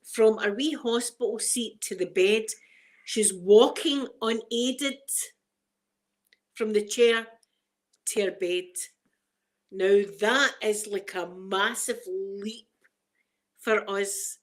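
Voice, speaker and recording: A woman's voice: mid-range voice, slow pace, pauses often. A middle-aged Scottish woman hosting a casual live chat, emotional and fighting back tears as she greets viewers by name. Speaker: livestream host.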